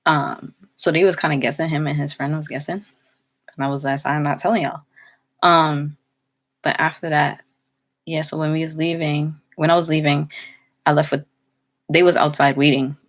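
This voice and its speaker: A woman's voice: deep voice, level tone, moderate pace, long pauses. A young woman casually telling a personal story, rambling with many fillers and restarts. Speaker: vlogger.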